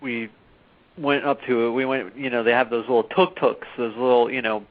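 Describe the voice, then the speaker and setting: A man co-hosting a talk show, telling a travel story in a soft, hesitant way. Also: medium pitch, flat delivery, normal speed. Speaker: co-host. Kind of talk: casual storytelling. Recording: muffled internet radio.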